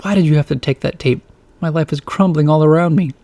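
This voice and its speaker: A man's voice: fairly high pitch, fast, mellow, no echo, close to an everyday voice. A man voicing a nervous, gloomy teenage boy who stammers and hesitates.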